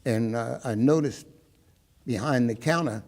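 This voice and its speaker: A man's voice: medium pitch, a little slow, a little mellow, in a large hall. An older man from Maryland, an interviewee recounting his personal history, who tells his story and often acts out the dialogue he remembers.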